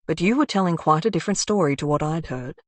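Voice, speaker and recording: A woman voicing a calm, menacing male crime boss in an audiobook, speaking in a cool, measured and quietly threatening way. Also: fairly high pitch, dry recording, close to an everyday voice.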